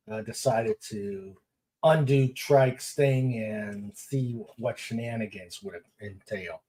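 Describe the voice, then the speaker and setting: Slow, hesitant podcast host. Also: medium pitch, mellow, slightly rough, rough recording. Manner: hesitant, many fillers and restarts. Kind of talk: casual podcast chat, reading chat messages.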